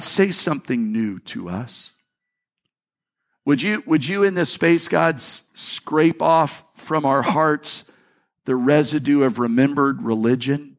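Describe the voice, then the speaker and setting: A man preaches to his congregation in a church, speaking plainly and conversationally. He often restarts a phrase or repeats a word before moving on, and his pitch climbs when he reads scripture out loud. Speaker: pastor. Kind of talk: sermon with scripture reading. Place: church sanctuary.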